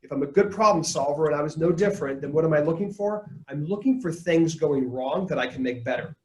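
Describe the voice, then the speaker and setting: A man's voice: a little high, brisk. A man giving a leadership training webinar, conversational, with jokey asides to the chat. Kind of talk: webinar presentation. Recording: roomy echo.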